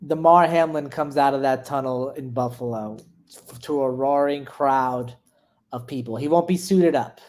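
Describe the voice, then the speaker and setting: A man's voice: medium pitch, moderate pace, a little mellow. A man co-hosting a casual sports podcast, laughing easily and walking through playoff scenarios. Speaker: podcast co-host.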